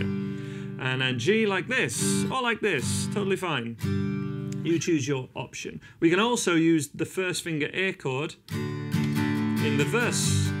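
Upbeat man teaching guitar over loud strumming. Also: on the high side. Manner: encouraging, counts beats aloud, sings snippets. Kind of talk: casual guitar lesson.

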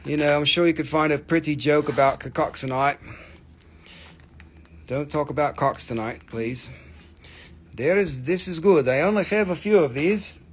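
Excited man selling minerals live. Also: a little high, moderate pace, pauses often, a little hiss or hum. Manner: animated, reads chat comments aloud, bursts into excited shouts. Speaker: live-stream mineral seller. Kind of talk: live-stream sales chat.

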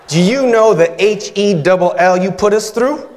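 A man putting on a fed-up scolding mother, high and loud. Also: normal speed, slight background noise, lightly acted. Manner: sassy, threatening, loud. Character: scolding exasperated mother, woman. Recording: reverberant church hall.

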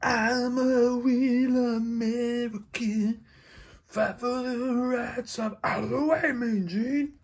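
A man's voice: very high voice, fairly even intonation, takes it slowly, slightly rough, voice pushed up, full character voice. A man voicing a boastful American wrestling champion in a bombastic, drawling promo style during toy play.

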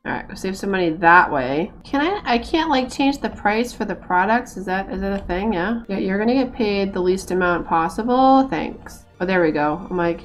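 A woman's voice: mid-range voice, a bit bright. An American woman giving casual, self-mocking commentary as she plays a game, laughing often as she talks. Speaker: gaming streamer. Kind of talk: casual let's-play commentary.

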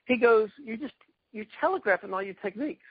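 A man from South Carolina with a high, husky voice tells stories from his years as a karate fighter, acting out the people he quotes. The sound is dry and dull, close and lo-fi. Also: lively intonation, brisk, dry recording. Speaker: guest, retired karate champion. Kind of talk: storytelling in a casual interview.

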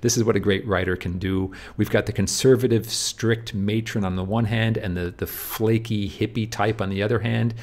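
A man's voice: fairly low pitch, steady tone, moderate pace, few pauses, darkish tone. A man teaching literature over slides, often asking "do you see?" between points, with many fillers and restarts.

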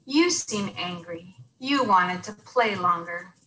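A woman voicing a calm, patient mother soothing her daughter in a children's story. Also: lowish voice, slow, slight background noise, exaggerated voice, rough recording.

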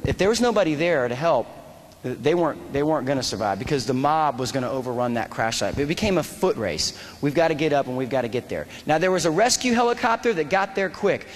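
A man in his forties, an army veteran telling a war story as a speech, animated and acting out the dialogue. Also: fairly high pitch, fast talker. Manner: animated, acts out dialogue and shouts quoted lines. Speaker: motivational speaker and army veteran. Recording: reverberant hall with faint noise.

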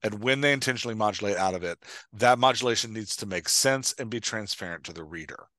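A man co-hosting a podcast on writing, talking in a thoughtful, halting way with many restarts. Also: fairly low pitch, fairly bright tone, no room sound. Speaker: podcast co-host. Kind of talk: casual chat.

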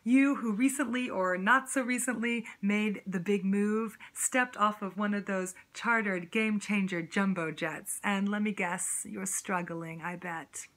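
A woman performing a spoken word poem, addressing the listener directly with a rhythmic, rhyming, sassy delivery that shifts between punchy emphasis and slow drawn-out lines. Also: medium pitch, fairly even intonation, a bit bright.

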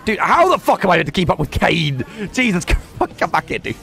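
A man's voice: high-pitched, huge pitch swings, a little fast, vocal fry, sharp tone, soft background music. A young man streaming a video game, commentating casually, swearing and laughing as he talks to chat and teammates.

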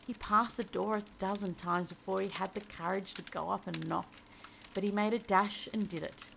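A woman reading a classic story aloud as a cosy ASMR bedtime tale, soft and gentle, giving the characters their lines. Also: mid-range voice, steady tone, moderate pace, gravelly, slight background noise, rough recording.

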